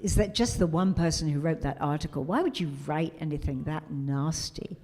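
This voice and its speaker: A middle-aged woman speaking on a convention panel, with a slightly low voice. She tells her stories with energy, acting out what others said. Her talk is warm and chatty. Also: moderate pace. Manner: animated storyteller who acts out quotes. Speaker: convention guest of honor.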